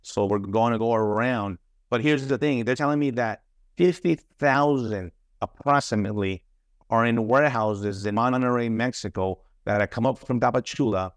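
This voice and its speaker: A man's voice: mid-range voice, moderate pace, dry recording. A man, a former trafficking investigator, talking as a guest in an interview, emphatic and often repeating or restarting his words. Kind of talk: interview conversation.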